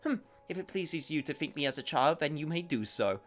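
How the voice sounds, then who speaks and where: A man's voice: on the high side, lively intonation, a little fast, faint music behind, lightly acted. A man voicing a small young dragon who speaks in a grand, formal, archaic way. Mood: lofty. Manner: archaic, lofty phrasing. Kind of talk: reading game dialogue aloud.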